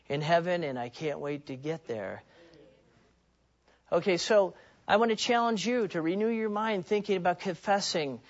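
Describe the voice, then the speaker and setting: A man's voice: fairly high pitch, muffled recording. A man preaching a sermon in an earnest, personal way, often restarting and repeating words.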